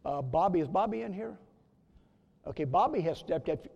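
A man preaching a sermon, telling a story in an earnest way with sudden loud rises. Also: sits high, expressive, moderate pace, vocal fry, slightly rough, muffled recording. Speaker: pastor. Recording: long reverb of a church hall.

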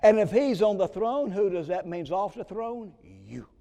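A man preaching a sermon as pastor, swinging between loud emphasis and hushed whispers. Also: high-pitched, expressive, unhurried, vocal fry. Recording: long reverb of a large hall.

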